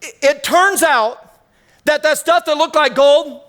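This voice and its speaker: Man, very high voice, energetic preacher, storytelling sermon. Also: unhurried. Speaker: guest preacher. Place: church sanctuary.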